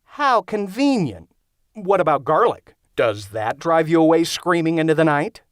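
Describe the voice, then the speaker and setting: Sarcastic skeptical young dude voiced by a man reading an audiobook, dry deadpan jabs, pitch jumping all over, dead dry sound. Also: moderate pace, no room sound.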